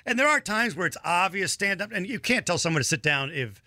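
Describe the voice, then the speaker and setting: A man's voice: high-pitched, very animated, a little fast, bright, forceful tone, dry recording, studio quality. A man co-hosting a podcast in casual chat, who often acts out the voices of the people in his stories. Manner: chatty, acts out quoted voices. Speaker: podcast co-host.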